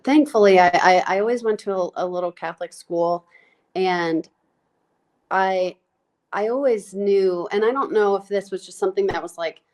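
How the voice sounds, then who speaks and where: In a candid interview, a woman nurse practitioner reflects haltingly, full of fillers and restarts, and sounds close to tears. Her voice sits at medium pitch with a slightly mellow quality.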